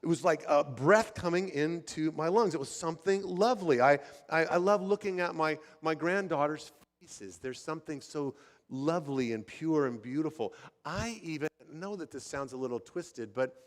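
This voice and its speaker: An older male pastor delivers his sermon like a conversation, animated and prone to restarting his thoughts. His voice sits a little higher than most men's. The sound rings with long reverb from a large church hall. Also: normal speed. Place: church sanctuary.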